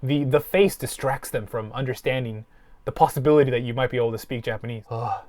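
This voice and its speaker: A man's voice: medium pitch, fast, a little mellow. A man hosting a podcast, telling a long story in casual, profane chat. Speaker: podcast host.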